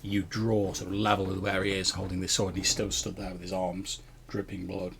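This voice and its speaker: Male game master, low and gravelly, stammery storyteller. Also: little pitch movement, a little fast, a bit bright, slight background noise. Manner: stammering repetitions, descriptive. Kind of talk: narrating a tabletop game.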